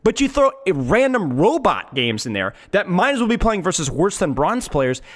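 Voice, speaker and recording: A man's voice: sits high, sing-song, normal speed. A man streamer giving emphatic gaming commentary, repeating his points.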